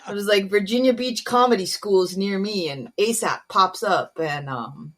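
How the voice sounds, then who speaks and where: A woman's voice: mid-range voice, normal speed. A woman, a naval officer and comedian, speaking frankly and earnestly as a podcast guest, with many um and you know asides. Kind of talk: candid podcast conversation.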